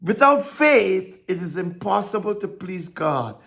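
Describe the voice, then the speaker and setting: A man preaching a sermon, halting and repeating words, swinging from soft reflection to emphatic declarations. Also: sits high, very animated, creaky.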